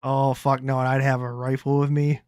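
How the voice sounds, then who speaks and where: A man's voice: medium pitch, little pitch movement, normal speed, a little mellow, smooth, no room sound, studio quality. A man streaming casual commentary on video clips, loose and profane, rambling through his reactions.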